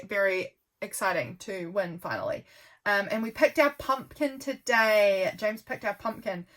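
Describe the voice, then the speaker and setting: A woman's voice: mid-range voice, fairly bright tone. A young woman, chatting casually and rambling with lots of ums while flipping through her journal. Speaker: journaling vlogger.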